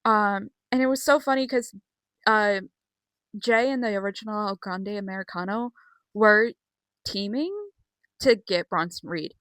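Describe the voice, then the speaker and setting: Excitable, sweary girl with a bright voice. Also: mid-range voice, unhurried, pauses often, dry recording. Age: young. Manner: rambling, excitable, swears often, many fillers. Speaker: vlogger. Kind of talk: casual recap vlog.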